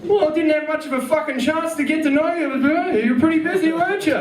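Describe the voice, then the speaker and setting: A man's voice: very high voice, fast talker. A man doing a rambling, crude stand-up comedy set and laughing at his own jokes. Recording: roomy, far mic, crowd.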